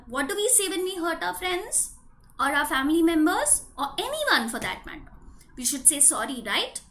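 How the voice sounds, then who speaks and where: A woman, a preschool teacher telling a story to young children, animated and often asking them questions. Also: high voice.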